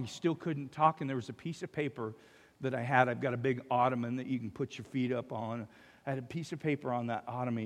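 An American man, a pastor, preaching a sermon and telling a story with many restarts, dropping to a hush and rising loud again. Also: a little high, big-room sound. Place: church sanctuary.

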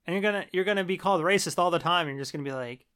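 A man co-hosting a podcast, recapping a film in casual, profane, animated chat. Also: high-pitched, rapid-fire, clear, resonant tone. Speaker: podcast co-host.

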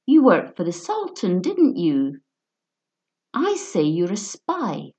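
A woman's voice: lowish voice, wildly swooping pitch, slow pace, mellow, full character voice. A woman voicing a harsh, drunken male bully in a spoken story, sneering and jeering.

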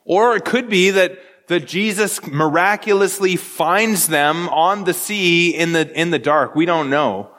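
A pastor with a high-pitched male voice delivers an earnest, conversational sermon, often repeating and restarting his words. The sound carries a long reverb from a church sanctuary. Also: a little slow, few pauses, a bit bright.

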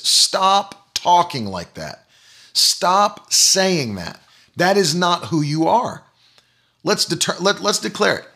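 A man's voice: fairly high pitch, sing-song, takes it slowly, sharp tone. A man preaching a sermon, emphatic and repetitive, leading the listeners in spoken declarations. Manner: emphatic, repeats key phrases; leads declarations.

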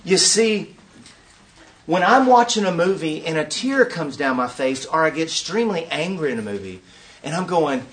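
A man giving a preaching-style conference talk, an animated storyteller who acts out scenes and asks the audience rhetorical questions. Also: on the high side, normal speed, distant mic. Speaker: workshop speaker at a conference.

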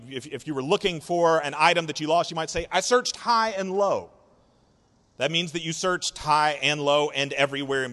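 A man preaching a sermon in an expressive, conversational way, asking rhetorical questions and drawing out words. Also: a little high, in a large hall. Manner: conversational, sarcastic asides. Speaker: pastor.

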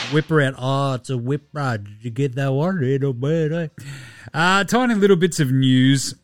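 A man with an Australian accent hosting a casual solo sports podcast, loose, sweary and quick to laugh. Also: mid-range voice, dry recording. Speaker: podcast host.

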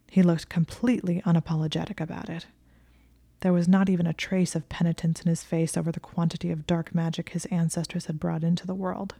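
A woman narrating a story aloud with dry, measured storytelling. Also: lowish voice, vocal fry, warm tone, dry recording. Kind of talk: audiobook reading of fan fiction.

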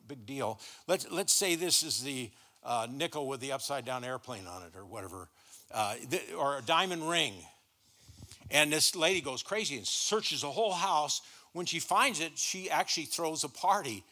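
A man's voice: mid-range voice, pushed and bright. A middle-aged man preaching a sermon in a church, folksy and stumbling over repeated words as he starts his sentences. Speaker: guest pastor.

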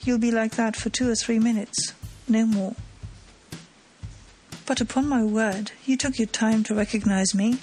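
A woman reading as a cheeky gentleman thief. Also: fairly high pitch, fairly even intonation, measured pace, slight background noise, lightly acted. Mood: mocking. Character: mocking gentleman thief, adult man, cool and cheeky.

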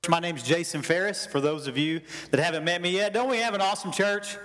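A man's voice: high-pitched, fairly quick, fairly bright tone, faint music behind. A man preaching a sermon with folksy storytelling, calling out to his congregation for responses. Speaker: pastor. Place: church hall. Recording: long hall reverb.

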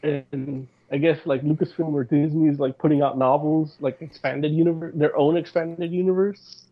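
A man's voice: a little high, fairly even intonation, moderate pace. A man hosting a podcast in casual chat, rambling and hesitant with lots of restarts. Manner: rambling, full of fillers and restarts. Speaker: podcast host. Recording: slightly dull lo-fi sound.

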